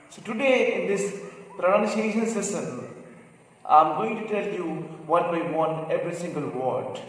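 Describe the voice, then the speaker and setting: A man teaching English pronunciation, explaining word by word in a slow, deliberate way. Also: high-pitched. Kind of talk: pronunciation lesson. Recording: echoey room from far off.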